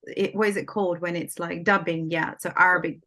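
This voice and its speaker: A woman's voice: lowish voice, fairly even intonation, brisk, bright, forceful tone. A woman chatting casually and hesitantly, with many "like"s and restarts. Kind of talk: casual chat.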